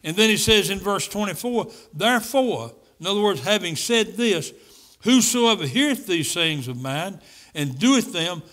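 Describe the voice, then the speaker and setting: High-voiced man preaching an emphatic sermon. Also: lively intonation, moderate pace, fairly bright tone. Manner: emphatic, repeats key phrases. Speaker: pastor. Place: church service.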